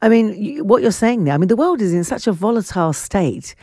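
A woman's voice: mid-range voice, sing-song, brisk, darkish tone, no room sound, clean studio sound. A woman hosting a live talk radio news discussion, conversational and asking probing questions. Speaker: radio show host.

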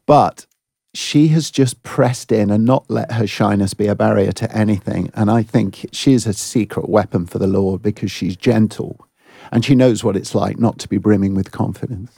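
A man's voice: fairly low pitch, normal speed, creaky, dark tone, breathy edge, dry recording, studio quality. A man guesting on a radio show, chatting eagerly and jumping in. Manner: eager, interjecting. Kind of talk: casual radio chat.

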